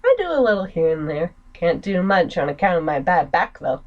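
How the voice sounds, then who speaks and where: A dry, deferential old gardener from a murder-mystery game, answering his master plainly. An American woman reads him aloud without much of a put-on voice. Her pitch still rises and falls in lively swings. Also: a little fast, highs cut off.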